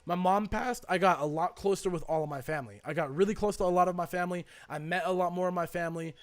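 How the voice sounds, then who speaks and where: A young man with a notably high voice talks through a casual podcast chat. He rambles and circles back, leaning on fillers as he reflects. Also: fast talker. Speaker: podcast co-host.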